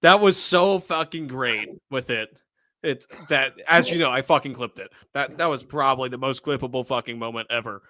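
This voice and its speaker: A man's voice: mid-range voice, moderate pace, bright, forceful tone, no room sound, studio quality. Profane, combative podcast host man. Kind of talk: crude political podcast banter.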